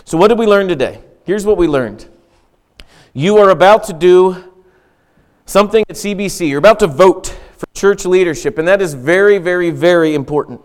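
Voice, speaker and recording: A middle-aged man preaches a sermon as a church pastor, speaking in a high-pitched voice at a moderate pace. His manner is earnest and conversational, and he repeats key phrases for emphasis.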